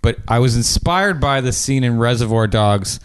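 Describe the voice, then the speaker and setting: A man in casual podcast chat, animated, telling a story and swearing freely. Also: mid-range voice, moderate pace, smooth. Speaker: podcast co-host.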